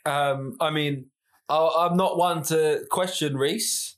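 Male co-host, slightly higher voice, loose and jokey, stop-start delivery. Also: steady tone, slow. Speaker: podcast co-host. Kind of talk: casual chat.

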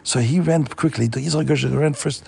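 A man telling a Jewish folk story in an animated way, repeating words for emphasis. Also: on the high side, a little fast, vocal fry, breathy edge.

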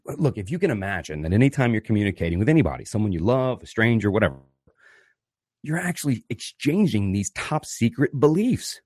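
Husky, lively-voiced man podcasting solo. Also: lowish voice, fairly quick, no echo, clean studio sound. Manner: animated and profane, acts out quoted voices. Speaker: podcast host. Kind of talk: casual solo podcast monologue.

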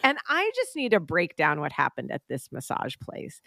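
A woman co-hosting a podcast, telling a story in casual chat, animated and full of restarts. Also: low-pitched, normal speed, creaky, no echo, clean studio sound. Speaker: podcast co-host and preacher.

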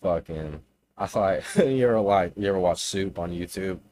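A man's voice: low voice, moderate pace, a little mellow. A young man co-hosting a podcast in casual chat, laid-back and slangy, swearing freely. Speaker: podcast co-host.

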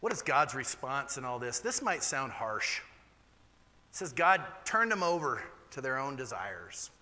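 A man preaching a sermon as a pastor, candid and animated, with his pitch jumping up sharply at times. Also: a little slow, big-room sound.

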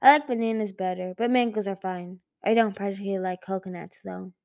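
A woman voicing a sleepy, slow-witted young male dragon in a storybook reading, mild and mumbling. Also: mid-range voice, steady tone, gravelly, darkish tone, lightly acted.

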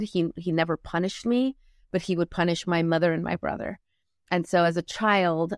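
A woman, a motivational speaker and coach, telling her life story candidly in an interview, earnest and reflective with frequent pauses. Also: fairly low pitch, dry recording, clean studio sound.

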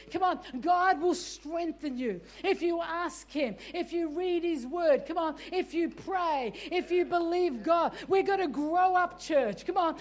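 A woman preacher delivering an exhorting sermon, repeating "come on" and "stop it" and rising to shouts. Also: very high-pitched. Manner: shouts at peaks.

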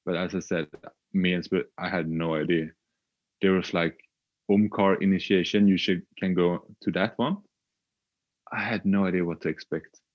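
Young guy, really low voice, halting and unsure, dull lo-fi sound. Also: steady tone, no echo. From Sweden. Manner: hesitant, halting, with frequent filler sounds. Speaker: podcast guest. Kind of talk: reflective personal storytelling.

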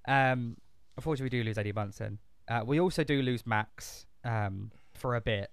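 Smooth-voiced man rambling casually. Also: mid-range voice, fairly quick, no echo, studio quality. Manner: rambling and profane, with many fillers and restarts. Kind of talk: casual chat.

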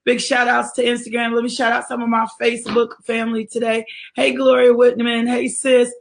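A woman hosts a livestreamed morning devotional for her ministry. She speaks in a lively, exhortative way and greets viewers by name. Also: a little high, fairly quick, gravelly. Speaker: ministry leader hosting a devotional.

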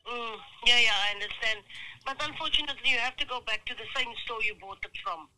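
A woman's voice: fairly high pitch, quick pace, a crowd in the background. A woman working as a customer service agent, speaking politely and formally on a phone call. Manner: polite, formal, repeats herself firmly. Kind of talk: call centre phone support. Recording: tinny phone line on speaker.

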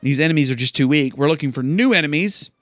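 A man's voice: a little high, quick pace, dry recording, studio quality, faint music behind. A man giving casual, rambling commentary while playing a video game, often incredulous at what happens. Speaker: gamer. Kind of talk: let's play commentary.

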